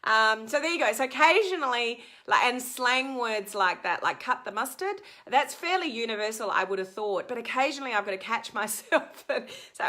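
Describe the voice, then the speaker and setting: Chatty middle-aged Australian woman, bright tone, live-stream coach answering viewers. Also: fairly high pitch, lively intonation, moderate pace. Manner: chatty, answers viewer comments, frequent ums. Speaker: social media coach.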